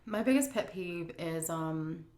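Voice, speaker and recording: Middle-aged woman vlogger, frank and emotional, slightly low voice, echoey room sound. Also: animated, darkish tone. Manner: candid, emotional, drawn-out emphasis. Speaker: vlogger answering viewer questions. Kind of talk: casual Q&A chat.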